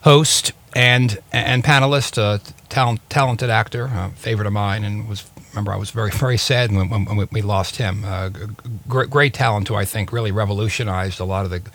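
A man's voice: fairly low pitch, steady tone, a little fast, a bit bright. A man hosting a radio interview, talking casually with many fillers and restarts. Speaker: radio show host.

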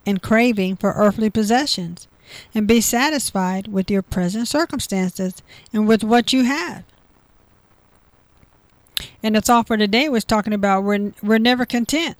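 A woman leads a devotional, reading scripture and then unpacking it in her own words. She circles back and repeats key phrases for emphasis, in a medium voice. The sound is dry and close, with no room echo. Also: mid-range voice. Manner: reads verses aloud then explains with repetition. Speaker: Bible teacher. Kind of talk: devotional Bible reading and commentary.

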